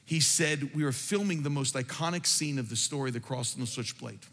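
A man's voice: mid-range voice, brisk, fairly bright tone. A man preaching a sermon, telling a story with fervent, emphatic delivery. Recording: reverberant hall with faint music.

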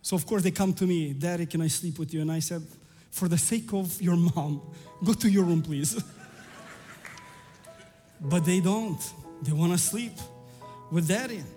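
A man's voice: high voice, unhurried, pauses often, mellow, big-room sound, soft background music. A man in his thirties preaching a sermon, telling a family story and building to fervent climaxes.

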